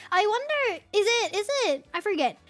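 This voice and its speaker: A woman streaming as a VTuber, chatting casually with viewers in an excitable, giggly, rambling way full of restarts. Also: very high voice, normal speed, faint music behind.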